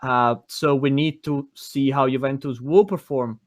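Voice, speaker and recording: A man's voice: mid-range voice, fairly even intonation, unhurried, dry recording. A man co-hosting a podcast, giving thoughtful, conversational football analysis. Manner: thoughtful, conversational, checks in with "right?". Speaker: podcast co-host. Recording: dry close sound.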